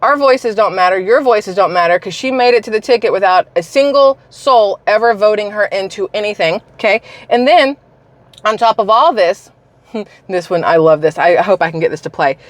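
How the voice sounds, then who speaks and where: A woman's voice: mid-range voice, animated, normal speed, dry recording. Emphatic woman ranting to her viewers. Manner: emphatic and scornful, talks straight to viewers. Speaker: political commentary vlogger. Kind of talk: casual opinion rant to camera.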